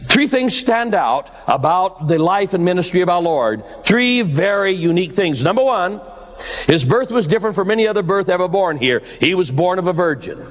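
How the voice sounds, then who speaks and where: A man with a high voice preaching a sermon, leaning hard on each word and slowing for emphasis. His voice rings out with a long reverb, as if recorded in a large hall. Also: expressive. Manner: slow, emphatic preaching with dramatic pauses. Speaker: pastor.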